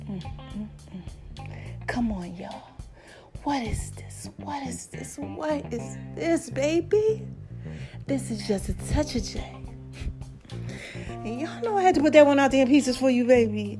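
Chatty and warm, this podcast host talks alone to her audience in a voice on the high side, addressing them as baby and child. She shifts back and forth between loud and quiet phrasing.

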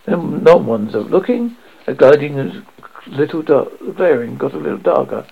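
Gravelly man reading a story aloud. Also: on the high side, animated, normal speed. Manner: stumbles and restarts while reading. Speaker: audiobook reader. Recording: dull lo-fi audio.

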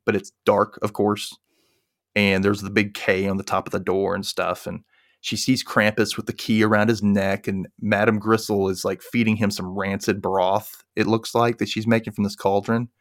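A man casually recapping a movie's plot, chatty and dropping into quick character voices. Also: lowish voice, no room sound, studio quality.

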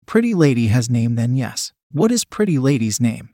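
A curious little male creature with broken, childlike speech, odd and simple in every phrase, as a man reads him out. The voice sits at a middling pitch and sounds close and dry. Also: big pitch swings, moderate pace, warm tone, dry recording. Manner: broken childlike speech, talks of himself oddly.

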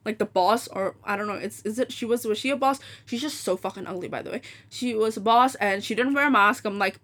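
A woman's voice: medium pitch, brisk, few pauses, fairly bright tone. Blunt, foul-mouthed woman telling a story. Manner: blunt and profane, acting out quoted people. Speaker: podcast host. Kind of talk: casual storytelling rant.

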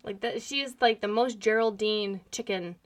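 Speaking at normal speed with a medium-pitched voice, this woman co-hosts a podcast and spins meandering stories. The talk is casual, and she laughs frequently while chatting away.

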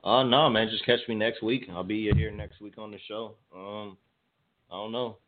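A man co-hosting a loose radio chat, slangy and emphatic as he argues his point. His voice sits on the low side and sounds narrow and tinny, like a phone line. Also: steady tone, moderate pace, a crowd in the background. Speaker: podcast co-host.

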